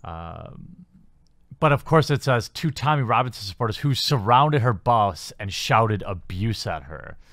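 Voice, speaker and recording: A man's voice: lowish voice, lively intonation, unhurried, a bit bright, no echo, studio quality. A man hosting a commentary channel, reading news articles aloud and picking them apart with sarcastic, skeptical remarks and many fillers.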